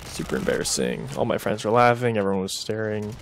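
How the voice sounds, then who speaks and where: A man's voice: on the low side, very animated, fast, vocal fry, slight background noise. A young man answering viewer questions in a casual, chatty way, with joking asides. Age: young adult. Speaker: gaming video creator.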